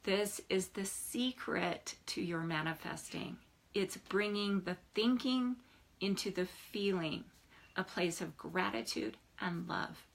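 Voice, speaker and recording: An older woman speaking as a life coach in an enthusiastic, animated motivational vlog, often laughing. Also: mid-range voice, slow pace, gravelly.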